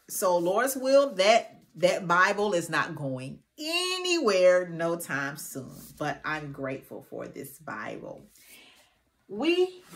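A woman with a fairly low voice teaches about money from a faith angle at an unhurried, deliberate pace. She talks to her viewers like family, folksy and preacherly, and she moves easily into earnest prayer and steady scripture reading. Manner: reads scripture aloud and prays earnestly. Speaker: host of a Christian financial stewardship channel.

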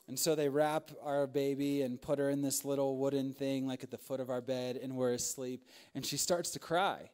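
A man's voice: medium pitch, steady tone, normal speed, few pauses, a little mellow, clear, resonant tone. A young man preaching to young adults, telling funny stories about fatherhood with lots of laughter and asides. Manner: humorous storytelling with frequent laughs and asides. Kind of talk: sermon.

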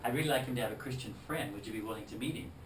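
A man playing a relaxed, friendly brother who talks in plain words. His voice has an ordinary middle pitch. It sounds distant in an echoing room, with faint background noise. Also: racing, close to an everyday voice. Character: easygoing adult man, a caring brother. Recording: roomy, distant mic.

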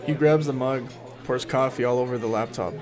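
A man's voice: mid-range voice, fairly quick, crowd noise. A young man running a casual tabletop game for friends, narrating scenes between profane, laughing banter. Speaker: game master. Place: home podcast setup.

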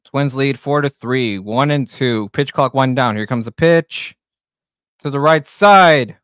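Male amateur play-by-play streamer, smooth clear voice in a dry room, excitable and jokey. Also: medium pitch, measured pace, no room sound. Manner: excitable, jokey, swears, shouts on big plays. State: out of breath. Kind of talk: live amateur play-by-play commentary.

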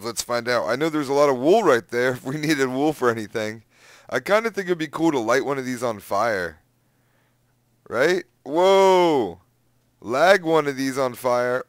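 A young man giving casual, excitable gameplay commentary, exclaiming and humming to himself. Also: mid-range voice, no room sound, studio quality. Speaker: gaming youtuber.

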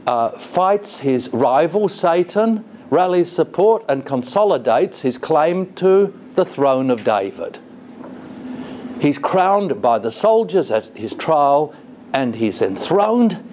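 A man's voice: high voice, a little mellow, a little hiss or hum. A man giving a college lecture in a classroom. He talks in a thoughtful, hesitating way and keeps asking the class rhetorical questions.

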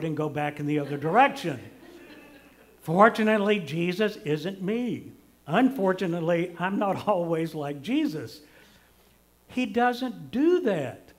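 An older man preaching a conversational sermon, homey and self-deprecating, swinging between emphatic lines and hushed ones. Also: sits high. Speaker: pastor.

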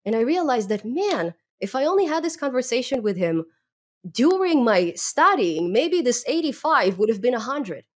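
A young adult woman with a non-native English accent, chatting as a podcast guest, lively and laughing often between fillers. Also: a little high, moderate pace. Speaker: podcast guest, Python educator. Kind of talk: casual interview chat.

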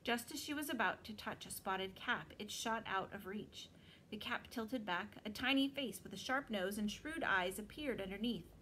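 A woman's voice: mid-range voice, normal speed, a little hiss or hum, rough recording. Woman teacher reading a novel aloud. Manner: expressive storytelling.

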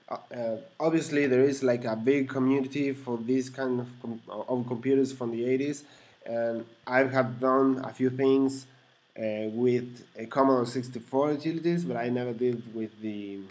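A man for whom English is a second language talks unhurriedly at a middle pitch through a hobby computer project. He hesitates often, restarts his phrases and fills the gaps with ums. He chuckles softly to himself now and then. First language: not English. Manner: hesitant, with many fillers and self-corrections. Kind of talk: casual screen-recorded walkthrough.

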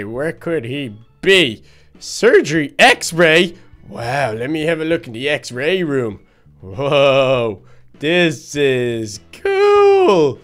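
Man doing a high, bright cheeky baby duck. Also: exaggerated voice. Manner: excitable, rambling, stammers. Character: cheeky young boy duckling, excitable and boastful. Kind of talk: Minecraft role-play voice acting.

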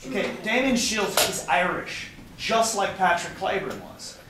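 Hoarse man giving an impassioned tour. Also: high voice, expressive, a little slow, background noise. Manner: impassioned, preachy and emphatic. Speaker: tour guide. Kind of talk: outdoor tour talk to a group. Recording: distant, echoey outdoor recording.

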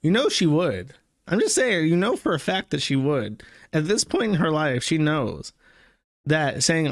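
A man's voice: a little high, lively intonation, unhurried, no echo, studio quality. A man hosting a stream, ranting to chat in a profane, mocking, crude manner. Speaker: streaming show host.

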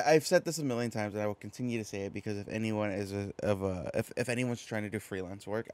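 Chatty low-voiced male podcast host. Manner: chatty, tangent-prone, filler-heavy. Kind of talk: casual podcast chat.

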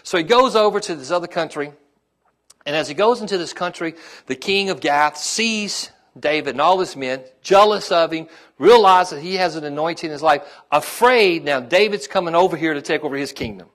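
A male pastor preaching a sermon in a conversational way, repeating phrases and often asking the congregation "amen?", rising in pitch and volume as he stirs them up. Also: fairly quick, a bit bright. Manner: rises in pitch and volume when stirring the congregation.

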